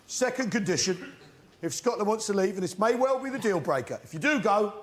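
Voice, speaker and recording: A British stand-up comedian delivering a live routine with bombastic, mock-patriotic sarcasm on a big stage. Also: male voice, high-pitched, lively intonation, fairly quick. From Britain. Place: large theatre stage. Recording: echoey theatre with loud crowd. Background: roaring audience laughter.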